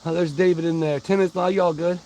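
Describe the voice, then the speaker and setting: A man's voice: fairly high pitch, fairly even intonation, a little fast, a little mellow, slight background noise, poor audio. A man hosting a casual livestream, rambling in a folksy way and greeting his chat by name. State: out of breath. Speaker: livestream host. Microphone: wireless mic worn on body.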